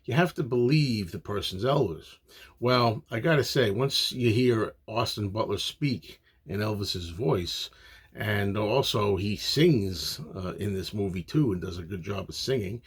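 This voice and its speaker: A man's voice: fairly low pitch, animated, unhurried, husky. A man giving a casual, opinionated spoken movie review, rambling with frequent fillers.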